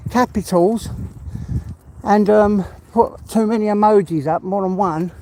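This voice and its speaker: This Englishman has a high, mellow voice and speaks a touch slowly, with a faint hiss or hum underneath. Out walking his dog, he chats loosely with his live-stream audience, panting, laughing a lot, and calling out viewers by name.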